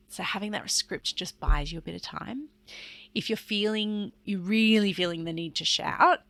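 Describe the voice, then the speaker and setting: A woman talks alone into the mic as a podcast host, in a low-pitched voice. Her tone is earnest and explanatory, loose and chatty, with a gravelly edge of vocal fry. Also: sharp tone, no echo. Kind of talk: solo podcast monologue.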